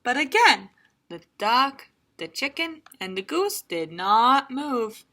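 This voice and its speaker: A woman reads a picture book to children with a high, bright, animated voice. She takes her time and bounces all over her range. Playful asides break into the story. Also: slow pace. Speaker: children's librarian.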